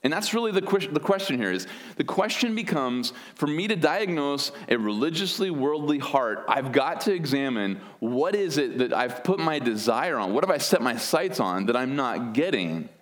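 A man's voice: mid-range voice, very animated, moderate pace, hardly any pauses. A man preaching an earnest expository sermon, explaining word meanings with wry asides. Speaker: pastor.

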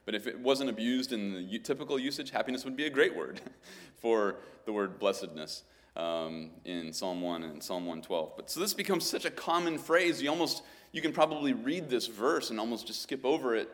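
A man's voice: medium pitch, lively intonation, normal speed. A man preaching a sermon, teaching through scripture verses and building up to emphatic, exclaimed points.

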